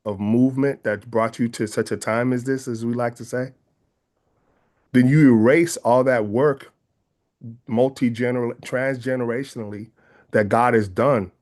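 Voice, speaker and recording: A man from the San Francisco Bay Area with a Bay Area accent, speaking as an interview guest in an earnest, measured way and often rephrasing his ideas. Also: medium pitch, darkish tone. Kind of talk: reflective interview conversation.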